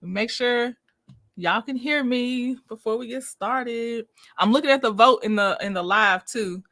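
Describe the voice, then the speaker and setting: A woman's voice: fairly high pitch, a little slow, bright, forceful tone. A woman hosting a casual live stream, upbeat and chatty, greeting viewers one by one and laughing often. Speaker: livestream host.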